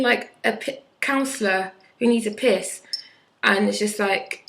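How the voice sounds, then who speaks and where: A woman's voice: medium pitch, unhurried, gravelly, fairly bright tone, poor audio. Blunt sarcastic young woman. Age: 20s. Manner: blunt, sarcastic, mocking impressions. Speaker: vlogger. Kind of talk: casual vlog chat.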